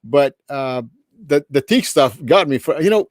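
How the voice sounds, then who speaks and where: A man's voice: medium pitch, lively intonation, normal speed, no echo. Guy hosting a video call interview, friendly, sums things up, dry sound. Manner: friendly, sums up what the guest says. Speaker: interview host. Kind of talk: casual interview chat.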